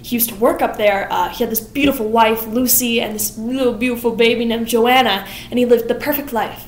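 A young woman voicing an eccentric, gossipy old woman who runs a pie shop, telling a long story in a fast run-on way. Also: on the high side, fairly even intonation, echoey room, a little hiss or hum, lightly acted.

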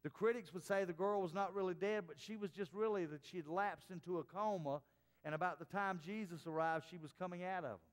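A man preaching a sermon as pastor, dropping to soft, hushed tones for quoted words. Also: high-pitched, brisk, big-room sound. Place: church sanctuary.

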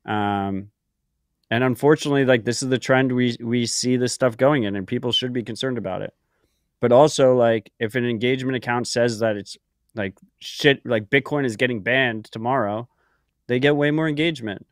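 A man's voice: mid-range voice, moderate pace, dry recording. Male podcast co-host, profane rambler, dry close sound. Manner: profane, rambling, filler-heavy. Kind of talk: casual chat.

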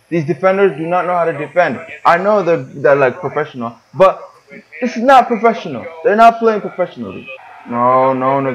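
A young man hosting his gaming channel, giving live, excitable commentary on a football game, yelling and groaning at the play and complaining often. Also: medium pitch.

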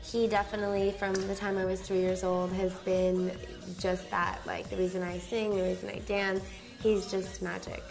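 A woman's voice: medium pitch, flat delivery, normal speed, vocal fry, darkish tone. A young woman who acts and dances, chatting in an interview and calling out dance moves in a bubbly way. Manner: bubbly, counts out dance moves with sound effects. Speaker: actress and dancer, interview guest. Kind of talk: casual interview chat, dance teaching. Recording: roomy studio with background music.

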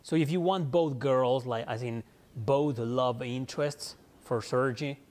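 A man's voice: mid-range voice, unhurried, darkish tone. A man hosting his own gaming channel, chatting casually through gameplay, laid-back and joking at himself.

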